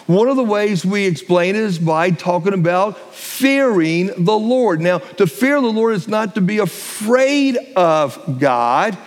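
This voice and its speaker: A middle-aged man preaching a sermon as pastor, stressing key phrases and repeating them slowly. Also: sits high, expressive. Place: church sanctuary. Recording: long hall reverb.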